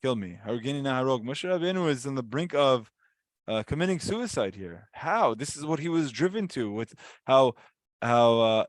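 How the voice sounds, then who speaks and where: A man at mid pitch talks through a weekly Torah portion in a casual, storytelling way. He gets animated and slips into the voices of the people in the story. The sound is dry and close, with no room echo. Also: moderate pace. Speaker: Torah teacher.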